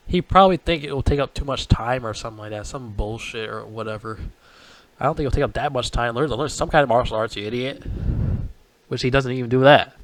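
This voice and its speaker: A man tells a film's plot in a loose, rambling ramble, full of swearing and scornful jabs. His voice sits in an ordinary middle pitch. The recording is dry and close, with no room sound. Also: a little mellow, no room sound. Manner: profane, mocking, rambling with many fillers. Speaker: movie reviewer. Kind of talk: casual rambling plot recap.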